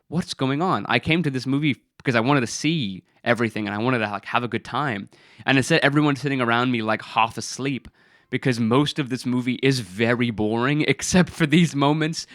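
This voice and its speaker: A man's voice: medium pitch, fairly quick, a bit bright, dry recording, studio quality. A man giving casual film commentary in a rambling, incredulous way, with many fillers. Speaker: film review video creator.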